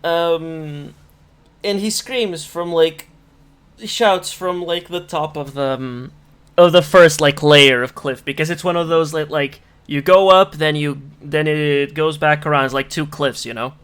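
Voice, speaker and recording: A man's voice: fairly high pitch, unhurried, fairly bright tone, clear, resonant tone. A man running a tabletop game as game master, rambling and swearing casually while he sets up the map.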